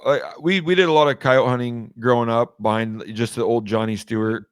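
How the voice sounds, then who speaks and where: A man's voice: mid-range voice, fairly even intonation, brisk, smooth, no room sound, studio quality. A man speaking as an interview guest about designing game calls, rambling in a casual way with many restarts and fillers. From Washington state. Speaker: guest, game call maker.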